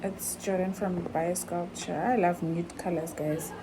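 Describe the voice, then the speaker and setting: A woman's voice: on the low side, fairly even intonation, unhurried, noisy background. A woman chatting in a heartfelt, chatty way to her vlog viewers, calling them guys. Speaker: vlogger. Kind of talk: casual vlog chat.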